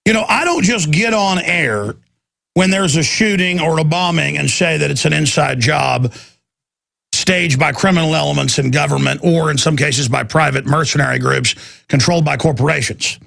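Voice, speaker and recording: A man's voice: a little high, normal speed, gravelly, fairly bright tone. A man hosting a talk radio show, ranting intensely in a combative political monologue.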